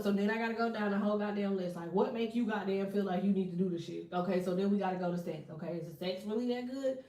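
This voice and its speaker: A woman's voice: mid-range voice, fast talker, dark tone. A woman giving a casual tarot reading, blunt and profane, breaking into laughing asides. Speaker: tarot reader. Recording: echoey room, distant from mic.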